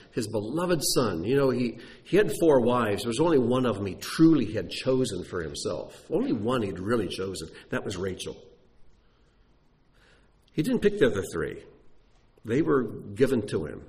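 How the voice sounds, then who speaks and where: A man's voice: mid-range voice, darkish tone. A man preaching a sermon who tells stories with emphasis and asks rhetorical questions.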